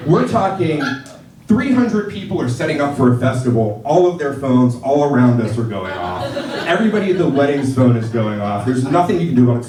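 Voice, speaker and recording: A man doing stand-up comedy, telling a story in a profane, animated way and acting out the quotes as he goes. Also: medium pitch. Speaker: wedding professional. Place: comedy theater stage. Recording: roomy live stage sound from a distance. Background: audience laughter.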